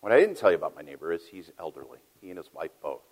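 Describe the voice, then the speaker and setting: A middle-aged man preaching a sermon as a pastor, telling a story that swings between loud emphasis and hushed asides. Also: low-pitched, sing-song, very fast. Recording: long reverb of a large hall.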